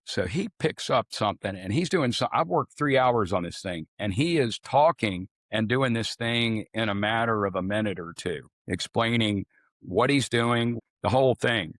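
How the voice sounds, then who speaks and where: In a podcast interview, a former swim coach from Arkansas, an older man, tells rambling folksy stories peppered with casual swearing. He has a fairly low, slightly bright voice at a moderate pace, captured in a dry, clean studio recording.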